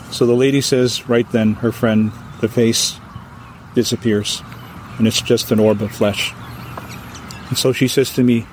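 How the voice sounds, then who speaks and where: A man from Hawaii, a storyteller, telling a ghost story with vivid, animated narration. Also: mid-range voice, a little slow, long pauses, a little hiss or hum. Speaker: storyteller guest.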